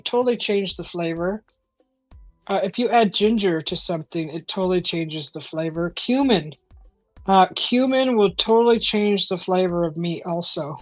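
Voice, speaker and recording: A woman hosts a live stream in a loose, casual storytelling way, jumping into the voices of the people in her anecdotes. Her voice sits at an ordinary middle pitch. The audio is a little muffled, with soft music playing underneath. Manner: animated, acts out quoted voices. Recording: slightly dull stream audio with faint music.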